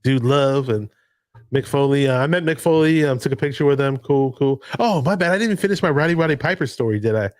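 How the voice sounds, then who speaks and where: Dude hosting a late night stream, rambly, jumps around, dry sound. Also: male voice, medium pitch, fast, no echo. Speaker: livestream host. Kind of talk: casual late-night livestream chat. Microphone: home streaming mic.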